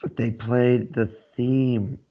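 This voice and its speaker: A man co-hosting a casual chat, relaxed and unhurried as he fills in details. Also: mid-range voice. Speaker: podcast co-host. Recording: dull lo-fi audio.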